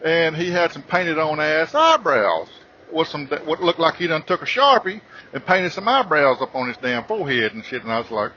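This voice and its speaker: A man spins a comic story, rambling and swearing freely with animated delivery. His voice is bright and a touch higher than most men's. The recording sounds dull and lo-fi. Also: normal speed, slight background noise. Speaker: podcast host.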